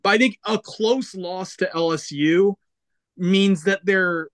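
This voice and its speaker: High-voiced young man, dry close sound. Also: slow pace, a bit bright, no room sound. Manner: hesitant, restarts phrases, agreeable. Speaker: podcast co-host. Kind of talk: casual sports chat.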